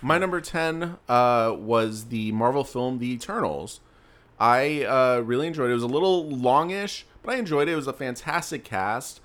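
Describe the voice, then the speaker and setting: A man's voice: medium pitch, animated, normal speed, fairly bright tone. A young man co-hosting a casual podcast chat, laughing often and rambling through asides that trail off. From South Florida. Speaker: podcast co-host.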